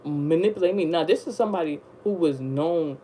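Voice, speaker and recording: A woman telling a rambling storytime in casual slang, jumping up high when she acts surprised. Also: a little fast, a little hiss or hum, low-quality recording. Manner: rambling, slangy, animated retelling. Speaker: vlogger.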